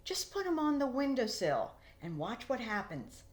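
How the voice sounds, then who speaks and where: A woman reading a picture book aloud, voicing a calm, kindly father who gently teases his son. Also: fairly high pitch, moderate pace. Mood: gentle. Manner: calm, kindly, lightly teasing. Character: gentle, teasing father of a small boy.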